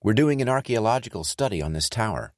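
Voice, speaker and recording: Male narrator as a steady ex-soldier hero in an audiobook, calm and polite, slightly raised deep voice, dry close sound. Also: quick pace, dry recording.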